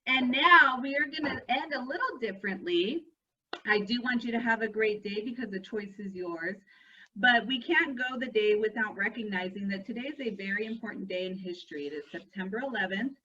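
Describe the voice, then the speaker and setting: A woman hosting a virtual school assembly, talking playfully and warmly to children. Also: mid-range voice, moderate pace, recorded from a distance, muffled recording, a little hiss or hum. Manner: animated, playful, talks to children. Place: school room, indoors.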